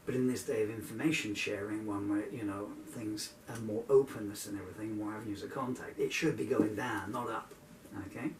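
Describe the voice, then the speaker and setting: A man's voice: on the low side, steady tone, brisk, echoey room, recorded from a distance, slight background noise. A man in his sixties talking in a rambling, digressive way between songs, growing indignant as he goes. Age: 60s. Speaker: singer-songwriter.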